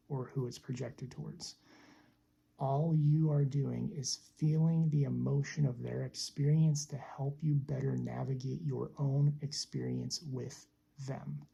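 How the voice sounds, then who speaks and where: A woman speaks as a spiritual teacher, unhurried and deliberate, often repeating a phrase to let it land. Her voice is heavily gravelly with a very dark, mellow tone. It sounds breathy and husky throughout. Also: rumbling low. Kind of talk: slow reflective teaching monologue.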